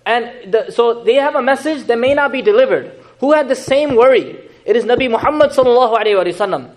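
A man teaching a Quran lesson in a lively, conversational way, asking the audience questions and making joking asides. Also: extremely high pitch, quick pace. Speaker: Islamic teacher.

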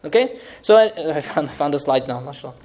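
A man giving an animated lecture on scripture as an Islamic teacher, with lively, dramatic retelling and laughing asides. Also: a little high, fast.

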